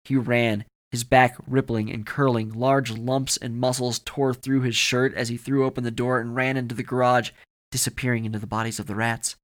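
A man's voice: medium pitch, flat delivery, moderate pace, a bit bright. A man narrating a horror story for a podcast with dramatic, varied delivery.

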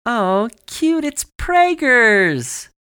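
A punk teenage girl who acts tough but scares easily, all squeaky, excited exclamations, as a man puts her on while reading. The voice sits far higher than his own. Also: moderate pace, exaggerated voice.

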